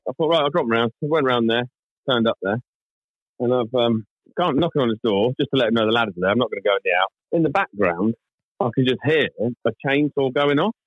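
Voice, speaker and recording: Fast-talking sweary man. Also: mid-range voice, breathy edge, no echo, highs cut off. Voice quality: sweary, animated anecdote-telling. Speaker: podcast co-host. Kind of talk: casual chat, comic storytelling.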